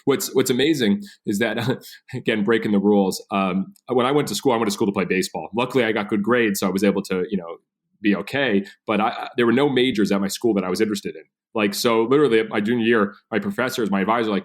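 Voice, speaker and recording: Fast-talking energetic man. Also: fairly low pitch. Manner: energetic, animated storyteller. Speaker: guest. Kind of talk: storytelling interview.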